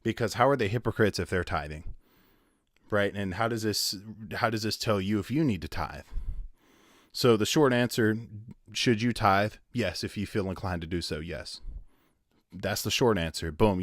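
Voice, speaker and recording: A man's voice: fairly low pitch, normal speed, no echo, clean studio sound. A man teaching the Bible in a casual video, rambling and conversational with many asides and fillers. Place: at home with his wife behind the camera.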